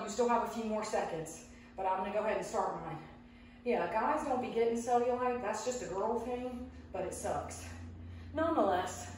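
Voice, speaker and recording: A fitness vlogger leads a home workout from a room in her house, chatting casually while she gets out of breath exercising. Her voice is mid-range, and she's recorded from far away in a very echoey room with slight background noise.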